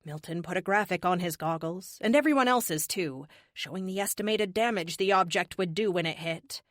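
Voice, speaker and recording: A woman narrating an audiobook with a lively, expressive reading. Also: lowish voice, moderate pace, dry recording, clean studio sound. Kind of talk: scripted narration.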